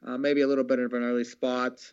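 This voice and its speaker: A man handicapping a harness race, laying out his analysis in a measured way with many fillers. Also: mid-range voice, level tone, clean tone, muffled recording. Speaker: racing handicapper. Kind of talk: horse racing handicapping talk.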